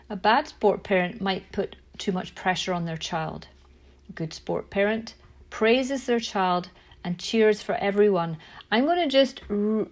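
A middle-aged woman hosting a parenting podcast, talking casually and telling stories, with a frog in her throat and the odd throat clear. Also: medium pitch, darkish tone. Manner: chatty, self-correcting, storytelling. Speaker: podcast host and parent coach.

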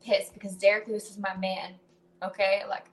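A woman's voice: mid-range voice, a little fast, over a noisy crowd. A woman co-hosting a casual chat, telling stories with lots of laughter and swearing. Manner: animated storytelling, laughing often, swearing. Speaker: co-host.

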